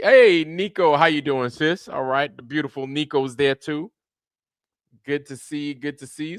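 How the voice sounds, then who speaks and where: A man's voice: on the high side, expressive, moderate pace, a bit bright, no room sound, studio quality. A man hosting a casual livestream, greeting viewers by name in a loose, repetitive way with plenty of slang. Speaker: livestream host.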